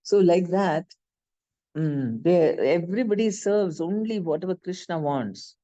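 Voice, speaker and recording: A class speaker with an Indian English accent, retelling a scripture story in an animated way and often correcting themselves mid-sentence. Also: mid-range voice, measured pace, highs cut off.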